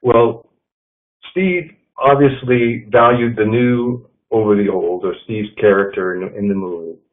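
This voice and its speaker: A man giving a leadership presentation to an audience, measured and telling stories. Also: fairly low pitch. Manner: measured, storytelling with quotes. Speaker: leadership speaker. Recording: tinny phone-like sound.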